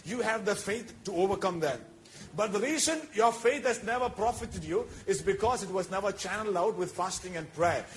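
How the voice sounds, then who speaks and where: A man's voice: high voice, a little fast, a little hiss or hum, poor audio. A man preaching a sermon as pastor, mixing in Malayalam and building to emphatic peaks. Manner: switches between English and Malayalam, rising to emphatic peaks.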